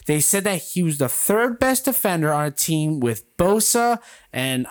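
A man's voice: on the high side, very animated, measured pace. A man hosting a casual sports podcast, rambling and wisecracking with his co-hosts. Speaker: podcast host.

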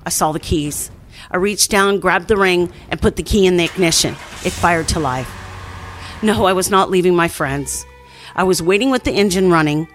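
A woman reading a first-person scary campfire story as scripted narration, at a steady storytelling pace. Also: on the low side. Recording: faint music underneath.

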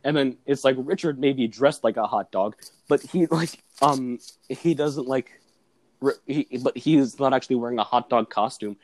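A man's voice: mid-range voice, moderate pace, darkish tone, no room sound. A young man chatting casually, rambling with lots of filler words as he retells a comedy sketch. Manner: rambling, full of "like" fillers, laughs at his own story. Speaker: student describing his comedy sketch. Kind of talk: casual chat.

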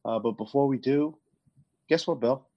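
A man's voice: medium pitch, normal speed, lo-fi sound. A man co-hosting a podcast in casual banter, easygoing and often repeating words as he starts a sentence. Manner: stammering, easygoing. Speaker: podcast co-host.

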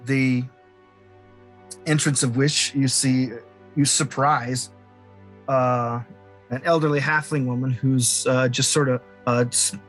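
A man's voice: medium pitch, fairly even intonation, slow pace, pauses often, a bit bright. A man narrating a tabletop game as game master, hesitant with many fillers. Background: faint music.

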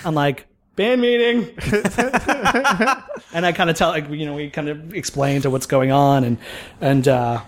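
A man's voice: a little high, normal speed, pauses often. A man telling a rambling tour story in casual chat, swearing freely and acting out what people said. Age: older than mid-twenties. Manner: profane, animated storytelling with acted-out quotes.

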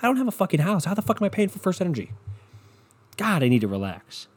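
A hoarse young man hosting a solo podcast from his bedroom on one microphone, ranting and swearing constantly. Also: high-pitched, big pitch swings, quick pace. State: voice worn and hoarse. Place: his bedroom at his parents' house. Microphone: single home podcast microphone.

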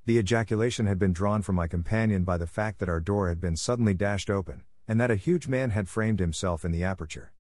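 A man reading a classic detective story aloud as narrator, in a measured storytelling manner. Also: deep voice, darkish tone, no echo. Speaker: audiobook narrator. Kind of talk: scripted narration.

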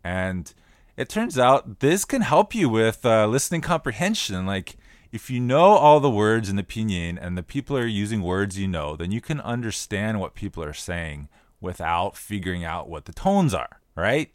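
A man co-hosting a podcast, explaining in a relaxed, casual way and often repeating himself as he works through a point. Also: fairly low pitch, normal speed, dry recording, clean studio sound. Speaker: podcast co-host.

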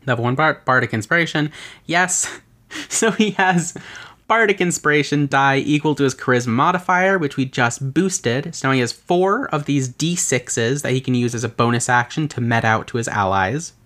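Podcast host, swooping animated pitch, mid-range voice, exasperated asides, casual swearing, tabletop build talk. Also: normal speed. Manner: casual swearing and filler words. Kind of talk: casual podcast explanation of a game character build.

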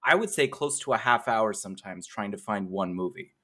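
A man co-hosting a podcast in casual chat, excitable and gleeful, often hedging his guesses. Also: on the low side, a little fast. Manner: excitable and gleeful, hedging with "maybe" and "I don't know". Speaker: podcast co-host.

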